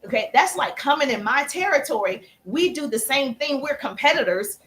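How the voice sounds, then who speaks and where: A woman coaching viewers on a live stream, chatty and energetic, breaking off to thank viewers as she teaches. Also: high-pitched, moderate pace, a little hiss or hum. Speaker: social media coach.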